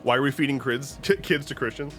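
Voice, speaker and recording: A man's voice: mid-range voice, fairly quick, bright, forceful tone. A man chatting casually on a stream, rambling and joking with lots of restarts and swearing. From United States. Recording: faint music behind.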